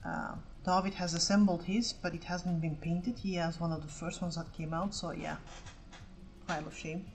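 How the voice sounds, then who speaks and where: A woman's voice: fairly low pitch, steady tone, normal speed, darkish tone, slight background noise, rough recording. A woman in her forties chatting casually on an art stream while she paints. She rambles and swears freely.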